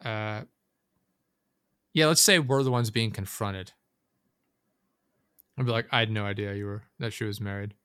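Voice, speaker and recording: A man's voice: on the low side, moderate pace, long pauses, fairly bright tone, clear, resonant tone, no echo, clean studio sound. A man hosting a casual talk show, speaking bluntly and rambling, swearing often. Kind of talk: casual chat.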